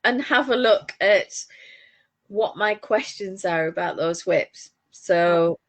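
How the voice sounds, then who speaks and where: A woman's voice: medium pitch, slow, a bit bright. A woman from northern England, co-hosting a crafting podcast in casual, rambling chat full of restarts. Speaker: podcast co-host.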